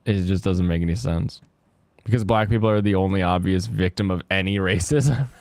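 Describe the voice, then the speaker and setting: Speaking into a close desk mic with no room sound, a man streams a game and chats casually. His low voice is animated and fairly quick as he rants and laughs often.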